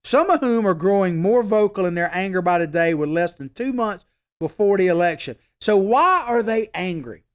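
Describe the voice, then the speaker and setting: A man's voice: sits high, animated, moderate pace. A man hosting a political commentary show, emphatic and folksy, repeating his points for stress and talking with filler asides.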